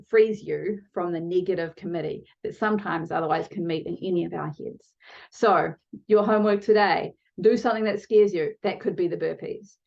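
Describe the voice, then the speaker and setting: A woman's voice: fairly low pitch, creaky, a little mellow, highs cut off. A woman coaching viewers in a motivational video lesson, talking to them directly and shifting her pace for emphasis. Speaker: online challenge coach.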